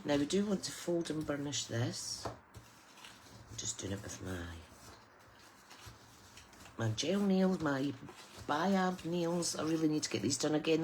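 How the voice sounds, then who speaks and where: A middle-aged woman with a British accent talks through a papercraft project step by step. Her tone is chatty and soothing, like someone reading at story time, with a faint hum of noise behind her. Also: low-pitched. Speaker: papercraft demonstrator. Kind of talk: live crafting tutorial.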